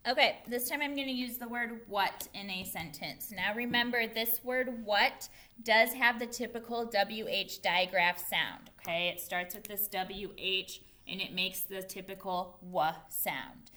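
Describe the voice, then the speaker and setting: Slow, bright-voiced woman teaching young children. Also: medium pitch. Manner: slow, patient, over-enunciated for young children. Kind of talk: early-grade phonics lesson.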